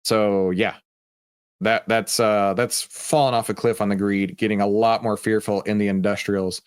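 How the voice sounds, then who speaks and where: A man's voice: on the low side, little pitch movement, normal speed, smooth. Male stream host, casual and joking, talks to chat as he trades. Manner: chatty, jokey, talks to chat viewers. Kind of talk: casual live trading commentary.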